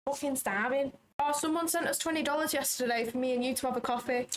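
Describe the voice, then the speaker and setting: A young British woman with a fairly high voice banters through a casual live stream. She jokes freely and swears now and then, and a faint hum of room noise sits under her voice. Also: quick pace. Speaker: livestream trading host. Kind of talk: casual livestream chat.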